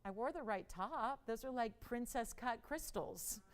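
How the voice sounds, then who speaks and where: A young woman hosting a live jewelry sale on shopping TV, chatting away and poking fun at herself between bids. Her voice is fairly high and smooth. She pleads for bids with lots of theatrical flair. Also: lively intonation, a little slow. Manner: chatty, self-mocking, dramatic pleas with laughter.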